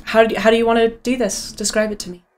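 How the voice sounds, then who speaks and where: A woman game master narrating a tabletop game with intensity, swearing freely and dropping low for solemn moments. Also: flat delivery, fast.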